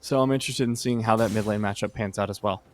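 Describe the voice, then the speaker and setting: Young male color caster, chatty and enthusiastic, slightly hoarse. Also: fairly low pitch, steady tone, quick pace, soft background music. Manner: chatty, enthusiastic, laughs easily. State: a little hoarse. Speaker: esports co-caster. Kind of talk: live color commentary.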